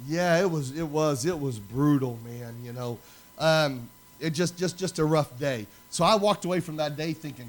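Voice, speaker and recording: A man preaching a sermon, telling personal stories in an animated way that swings from loud to hushed. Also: fairly high pitch, normal speed. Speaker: pastor.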